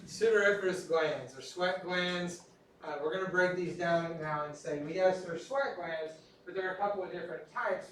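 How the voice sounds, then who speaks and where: A man's voice: on the high side, slight background noise. A middle-aged man teaching an anatomy class, talking casually and joking as he goes. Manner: chatty, joking asides. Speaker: anatomy instructor. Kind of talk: classroom lecture. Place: large echoey classroom. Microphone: recorded from a distance. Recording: echoey classroom from far off.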